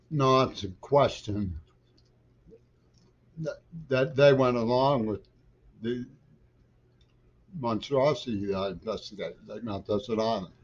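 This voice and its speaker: A man's voice: on the low side, muffled recording. A middle-aged man, a poet, gives a digressive political monologue with loose trains of thought that grow insistent.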